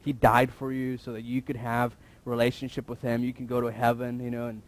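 A man in his thirties, a pastor, giving a relaxed conversational sermon, telling a personal story with fillers and restarts and posing rhetorical questions to the congregation. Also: medium pitch, brisk. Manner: self-deprecating, asks listeners rhetorical questions.

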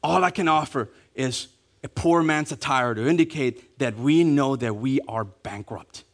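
A man preaching a sermon, acting out quotes and dropping to a hush on key words, asking the congregation to repeat after him. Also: mid-range voice, measured pace. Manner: animated, acting out quotes, dropping to hushed emphasis; repeats key phrases, asks congregation to say it along. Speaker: pastor.

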